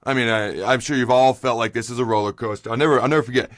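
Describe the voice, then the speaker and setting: A man's voice: medium pitch, fast, no room sound, clean studio sound. A man hosting a sports talk show, ranting with rhetorical questions and emphatic asides. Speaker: host. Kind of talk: opinionated sports talk monologue.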